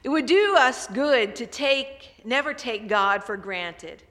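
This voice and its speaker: A woman pastor preaching a sermon, telling stories and building louder for emphasis. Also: on the high side, expressive, takes it slowly, in a large hall. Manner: storytelling, swelling louder for emphasis.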